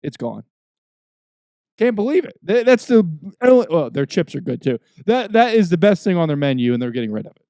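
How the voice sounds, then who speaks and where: A young man, a podcast host, telling a profane, ranting story in casual chat, swinging between low mutters and loud outbursts. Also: sing-song, brisk, dry recording.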